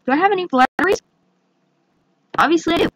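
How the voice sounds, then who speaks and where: Hoarse, chatty young woman gamer. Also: extremely high pitch, fast, a little hiss or hum, low-quality recording. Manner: chatty and excitable, lots of fillers. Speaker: gaming channel host. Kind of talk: casual gameplay commentary.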